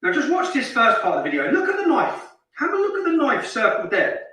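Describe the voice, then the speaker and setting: A scornful man from Luton rants over a video, repeating his words for force. His voice sits high and swings widely, with a bright, sharp edge. It reaches the listener as echoey playback from a distance, as if a clip is being replayed into the room. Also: huge pitch swings, a little fast. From Luton, England. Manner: heated, scornful, repeats phrases for emphasis. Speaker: online commentator narrating a street video. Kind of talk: indignant ranting commentary.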